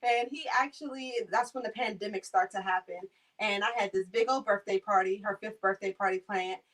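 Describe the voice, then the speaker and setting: A woman's voice: mid-range voice, a little fast, distant mic, low-quality recording. A young woman from Maryland, a caregiver, telling her stories in a casual interview and acting out the people in them. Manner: animated, acts out voices in her stories.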